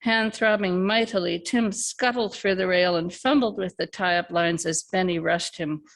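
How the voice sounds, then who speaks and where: Woman reading her story out at an open mic, gravelly, steady pace. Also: on the low side. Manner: steady, measured narration. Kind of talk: reading her fiction aloud. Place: live reading event, remote by video call.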